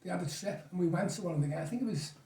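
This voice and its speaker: Far from the mic in an echoey room, this guest in his 60s tells rambling, nostalgic stories, chuckling frequently. He speaks in a high-pitched, warm voice at a racing pace.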